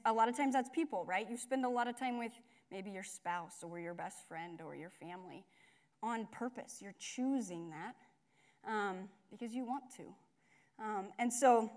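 A woman's voice: mid-range voice, darkish tone. A young woman giving a casual, conversational sermon with lots of fillers and asides. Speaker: speaker at a church gathering.

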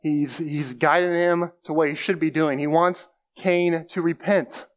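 A man's voice: on the high side, fairly even intonation, a little slow, lo-fi sound. A man giving a conversational sermon, explaining scripture plainly and repeating key phrases for emphasis. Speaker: preacher.

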